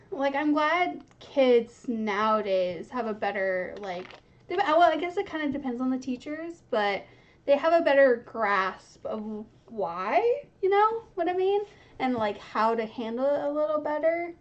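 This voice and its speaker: A woman's voice: sits high, lo-fi sound. A young woman hosting a casual book reaction, chatty and giggly, often laughing mid-sentence. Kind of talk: casual reading reaction chat.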